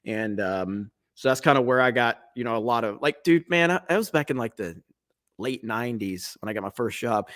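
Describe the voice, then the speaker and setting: A man in his forties who co-hosts a podcast talks briskly in an animated, medium-pitched, slightly bright voice. In casual chat he tells rambling, profane stories, laughing along the way.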